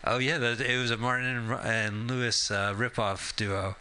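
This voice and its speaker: A man's voice: medium pitch, steady tone, moderate pace, sharp tone, smooth. A man hosting a community radio show, chatting casually and rambling with many hesitations. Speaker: radio host.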